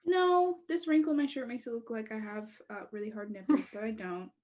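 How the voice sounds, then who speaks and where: A woman's voice: a little high, steady tone, brisk, very noisy. A young woman co-hosting a podcast in casual chat, candid and jokey, often breaking into laughter. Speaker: podcast co-host.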